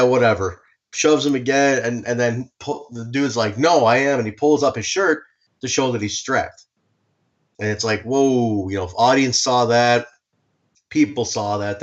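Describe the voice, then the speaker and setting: A man co-hosting a podcast, telling a story casually, animated and swearing, with lots of restarts. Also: fairly low pitch, dull audio. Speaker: podcast co-host.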